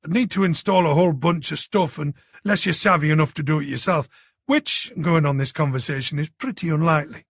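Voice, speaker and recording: A man's voice: a little high, brisk, gravelly, breathy edge, no room sound, clean studio sound. A man reading an audiobook plays a cheeky young man from the city who teases his friend about computers. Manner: cocky, bantering. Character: cheeky young London tech-savvy man.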